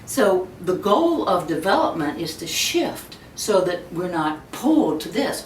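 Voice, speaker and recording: A woman in her fifties giving a webinar talk, telling stories in an animated way and acting out the voices she quotes. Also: moderate pace, hardly any pauses. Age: 50s. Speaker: speaker on child discipline. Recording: echoey room, distant mic, faint rumble.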